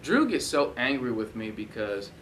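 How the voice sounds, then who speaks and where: Young guy hosting a sports chat show, bright voice, rambles with lots of ums. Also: mid-range voice, very animated, moderate pace, recorded from a distance, a little hiss or hum. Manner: rambling, many fillers and self-corrections. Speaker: host. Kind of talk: casual studio chat.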